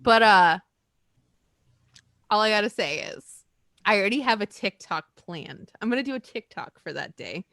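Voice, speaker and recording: A woman's voice: mid-range voice, animated, normal speed, long pauses, a bit bright, no room sound, clean studio sound. A woman co-hosting a podcast in casual, rambling chat, laughing often. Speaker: podcast co-host.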